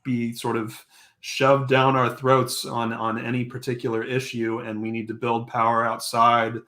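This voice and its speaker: A man appearing as a podcast guest and political candidate, speaking earnestly and haltingly. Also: medium pitch, monotone, sharp tone. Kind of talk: casual interview chat.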